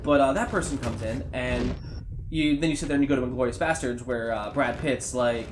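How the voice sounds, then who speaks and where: Sick male co-host, rambly casual game chat, mid pitch, light noise. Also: fairly quick. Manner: rambling, many ums and restarts. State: sick and sweating. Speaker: co-host of a gameplay channel. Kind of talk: casual let's-play chat.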